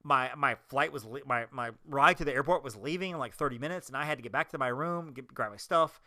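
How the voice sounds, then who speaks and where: A man chatting fast with a bright, forceful voice, his pitch bouncing all over. He is an excited storyteller who acts out the quotes he tells. The sound is close and dry. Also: no echo. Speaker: podcast co-host. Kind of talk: casual chat.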